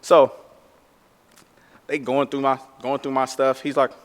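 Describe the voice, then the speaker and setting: A tattoo artist tells a story in a loose, casual way, packed with slang and constant "like"s. His voice sits at an ordinary middle pitch for a man. The sound trails into a long, reverberant room echo. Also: unhurried. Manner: animated, slangy, lots of "like".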